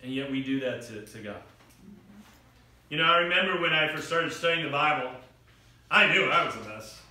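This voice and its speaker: Middle-aged male preacher, bright and forceful, storytelling sermon, echoey hall, distant mic. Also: fairly high pitch, animated, moderate pace. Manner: storytelling with acted quotes and rising emphasis. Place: church hall. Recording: echoey room picked up from far off.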